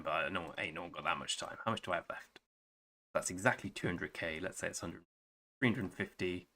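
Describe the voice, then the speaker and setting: A man's voice: sits low, fairly bright tone. Wry, rambling English man streaming a game. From England. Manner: rambling, wry, chatty, answers chat by name. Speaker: gaming streamer. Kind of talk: casual live-stream chat while playing a strategy game.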